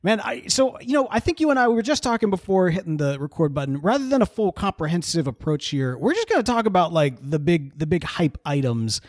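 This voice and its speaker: A man co-hosting a podcast, talking in an animated, laughing way and often restarting his sentences. His voice sits fairly high and swings widely in pitch. The recording is dry and close. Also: fairly quick, hardly any pauses, no echo. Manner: animated, laughing, self-interrupting. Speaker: podcast co-host. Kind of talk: casual chat.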